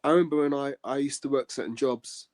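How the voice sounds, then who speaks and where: Guy with a warm dark voice breaking down bible verses, lots of ums, earnest. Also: mid-range voice, steady tone. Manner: earnest, measured, many "um" pauses. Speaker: co-host explaining scripture. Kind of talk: religious podcast discussion.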